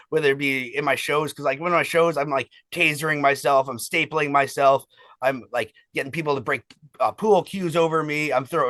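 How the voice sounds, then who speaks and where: A man's voice: medium pitch, a bit bright, no echo. A man who fronts a band, telling stories in a casual interview, rambling and swearing with lots of fillers. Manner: rambling, profane, heavy on fillers.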